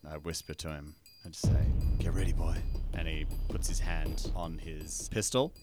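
Gruff male player, very low voice, plain delivery, music under. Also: steady tone, normal speed. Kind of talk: role-playing in a tabletop game.

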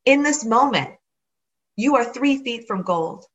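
A woman's voice: on the high side, expressive, measured pace, a bit bright, muffled recording. A woman hosting a motivational podcast, telling a personal story in an earnest, encouraging way and repeating phrases for emphasis. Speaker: podcast host.

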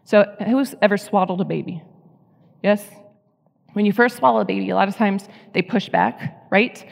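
A woman's voice: mid-range voice, normal speed, vocal fry. A woman in her thirties giving a personal faith talk to a live audience, telling stories and asking the room questions. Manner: animated storytelling with audience questions. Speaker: speaker at a women's faith event. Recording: reverberant hall.

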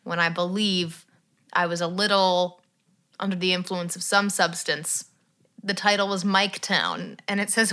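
A woman's voice: mid-range voice, a little slow, pauses often, bright, forceful tone. A woman co-hosting a podcast in casual chat, laughing often between her remarks. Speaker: podcast co-host.

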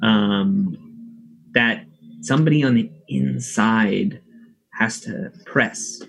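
Slow husky game master. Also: male voice, fairly low pitch, a bit bright, low-quality recording. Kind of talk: narrating a tabletop game.

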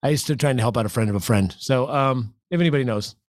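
A man's voice: mid-range voice, quick pace, dry recording, studio quality. A man co-hosting a live show, chatting casually in a joking manner. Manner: jokey, puts on shouted voices in bits. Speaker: livestream co-host. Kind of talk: casual chat.

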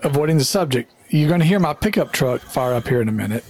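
A man's voice: fairly high pitch, lively intonation, quick pace, darkish tone. A man hosting a podcast in casual chat, boisterous and teasing, swearing freely. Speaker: podcast host.

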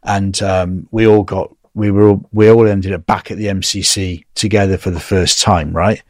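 Low-voiced English man telling a story. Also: moderate pace, dry recording, studio quality. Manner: animated, acts out quoted dialogue. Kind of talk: casual storytelling.

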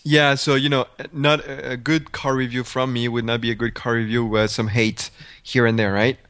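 A man's voice: medium pitch, moderate pace, no echo. Chatty man telling a story, dry mic. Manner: animated storyteller with frequent fillers and laughs. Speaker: podcast co-host. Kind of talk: casual chat.

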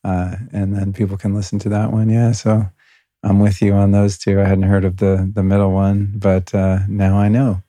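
A middle-aged American man hosting a podcast, chatting in a relaxed, laid-back way. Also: lowish voice, moderate pace, dry recording. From United States. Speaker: podcast host. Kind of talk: casual interview chat.

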